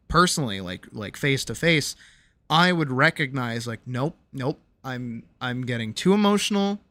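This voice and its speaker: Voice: medium pitch, fairly bright tone. A young adult streamer telling a candid personal story to a live chat from a home room, reflective and hesitant, with many ums and restarts.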